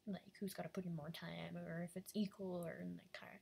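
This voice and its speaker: Woman, lowish pitch, gravelly, rambling casual chat, half-whispering, lots of fillers. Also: flat delivery, brisk, dark tone. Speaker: animator drawing live.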